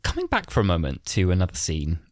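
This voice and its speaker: A young man in his twenties co-hosts a podcast, talking in a lowish voice with lively ups and downs. He laughs often and hurries through his stories. The recording is dry and close. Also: fast talker, dry recording. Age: 20s. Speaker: podcast co-host. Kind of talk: casual chat.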